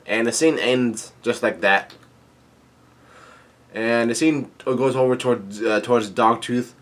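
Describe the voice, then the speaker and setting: Speaking a little slowly in a mid-range voice, the man gives a relaxed recap of a manga chapter. He reads passages aloud, wandering through many fillers and restarts.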